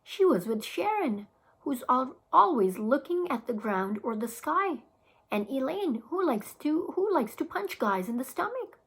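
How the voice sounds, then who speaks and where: Woman teacher, read-aloud narrator, high breathy voice, expressive. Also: measured pace, rough recording. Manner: expressive storytelling with small restarts. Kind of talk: children's book read-aloud.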